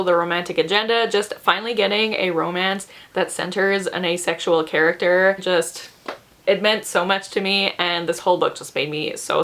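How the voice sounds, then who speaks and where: This young woman is a casual book vlogger chatting to the camera in a lowish, fairly bright voice. She gushes and giggles, laughs often, and packs her talk with fillers.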